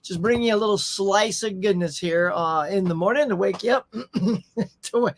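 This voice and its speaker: A man's voice: high voice, moderate pace, a little hiss or hum. Goofy upbeat man hosting a live stream. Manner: goofy, upbeat, reads viewer chat aloud. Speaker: host of a pop culture livestream. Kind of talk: casual live-stream chat. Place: home setup in Southern California. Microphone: desktop USB microphone.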